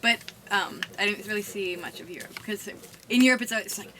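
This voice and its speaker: Young Canadian-accented woman, casual interviewee, rapid rambling delivery. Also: mid-range voice, very noisy. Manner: rambling, heavy use of "like". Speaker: musician interviewee.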